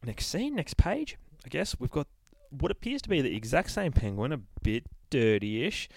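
A man's voice: medium pitch, big pitch swings, moderate pace, gravelly, no room sound. A man hosting a podcast, recapping a comic in a loose, profane, rambling way with lots of fillers. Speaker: podcast host reviewing a comic.

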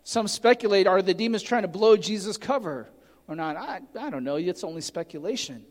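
A man's voice: sits high, animated, brisk, long reverb tail. A man preaching a sermon, earnestly teaching and reading scripture aloud with emphasis. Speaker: pastor.

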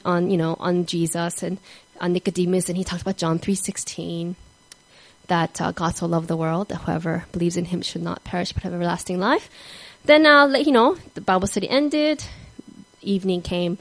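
A woman telling a story in a sermon in an earnest way, sometimes dropping to a soft whisper on key words. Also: lowish voice, normal speed, no echo, low-quality recording. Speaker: speaker giving a devotional talk.

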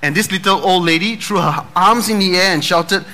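A man's voice: high-pitched, normal speed, hardly any pauses, bright, forceful tone, slight background noise. A man preaching a sermon in a casual, joking way, tossing in dad jokes and asking rhetorical questions. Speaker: pastor.

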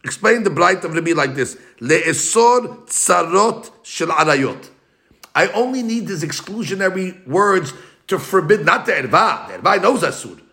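Male Talmud teacher, bright and forceful tone, animated back-and-forth argument, chanted quotes. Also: high-pitched. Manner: animated, argues both sides in a quick back-and-forth; slows to chant Hebrew and Aramaic quotes. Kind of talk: Talmud lesson.

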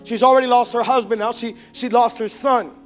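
A male pastor giving a sermon, swinging between impassioned shouts and hushed, intimate tones. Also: extremely high pitch, fairly even intonation, a little fast, faint music behind.

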